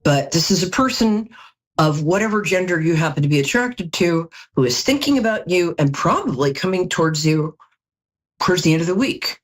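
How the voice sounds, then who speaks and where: On a live call-in program, a sleep-deprived middle-aged woman reads tarot, joking and chatting and wandering into little stories. Her husky voice is fairly low, animated, and at a normal speed.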